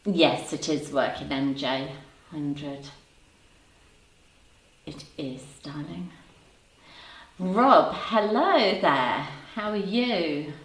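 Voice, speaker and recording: A woman in her fifties with a low voice talks slowly and easily, greeting viewers by name and joking with them. She sits a little back from the mic, and the room is echoey around her. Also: animated. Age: 50s. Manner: chatty, teasing, laughs often. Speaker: livestream host reading chat. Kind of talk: casual live chat. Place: home room. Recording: roomy sound, voice a bit far from the mic.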